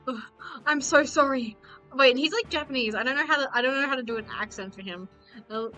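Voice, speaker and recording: A chatty woman streamer talks casually over her game, swearing freely and joking at her own expense. Her voice is high and very bright, and soft music plays in the background. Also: brisk, poor audio. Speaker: VTuber streamer.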